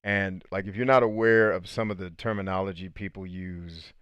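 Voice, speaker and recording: A man's voice: low-pitched, flat delivery, moderate pace, a bit bright, clean tone, no room sound, muffled recording. A man in his thirties hosting a casual live stream, telling stories and reading viewer comments aloud. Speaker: host.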